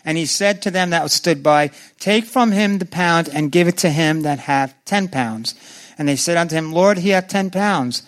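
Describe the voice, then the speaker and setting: Male preacher, high-pitched, lively sermon delivery, puts on voices for scripture. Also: moderate pace. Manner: animated, acts out biblical voices with swings in pitch; asks the congregation questions.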